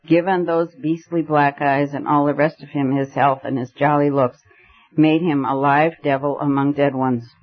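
A man reading the lines of an excitable young male poet-detective, emphatic and fiery. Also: a little high, normal speed, muffled recording, close to an everyday voice. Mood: ecstatic.

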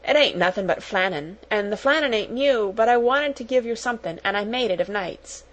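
A woman's voice: on the high side, expressive, brisk, fairly bright tone, rough recording. A woman voicing a shy, eager young servant girl, speaking in timid, broken, dialect-heavy phrases in an audiobook. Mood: timid, grateful. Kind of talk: audiobook character voice.

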